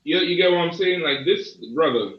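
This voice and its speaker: A man's voice: on the high side, normal speed, recorded from a distance. A man hosting a casual panel discussion, talking in an emphatic, preacherly way. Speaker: host. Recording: dull, roomy sound from off mic.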